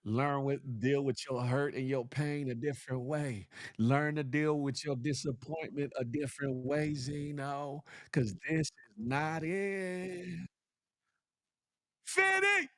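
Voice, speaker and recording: High-voiced animated man hosting a morning show. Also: unhurried, dry recording. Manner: animated, swings between high teasing calls and low serious asides; playful trash talk with laughs and repeated "huh?". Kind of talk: casual commentary monologue.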